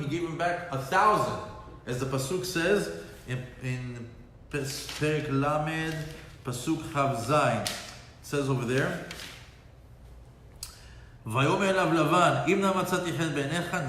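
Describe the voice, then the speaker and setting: A man's voice: a little high, fairly bright tone. A man teaching a lunch-and-learn Torah class. He explains verses in casual English and mixes in Hebrew quotes. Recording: echoey hall, faint background noise.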